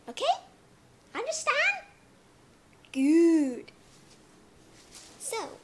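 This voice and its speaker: A woman's voice: sits high, fairly bright tone, a little hiss or hum. A woman teaching simple in a playful way, acting out little scenes with sound effects. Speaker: English teacher. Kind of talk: simple English lesson for learners.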